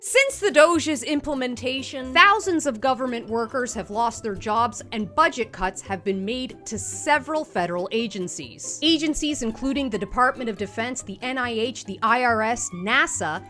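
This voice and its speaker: A woman's voice: on the high side, moderate pace, hardly any pauses, sharp tone, soft background music. A woman hosting a satirical comedy show, delivering scripted commentary in a sarcastic, punchy way.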